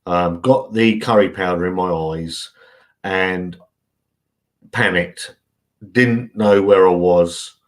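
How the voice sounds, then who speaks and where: A man's voice: low-pitched, slow, long pauses. A man, chatting casually and rambling on a live stream, swearing freely. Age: 40s.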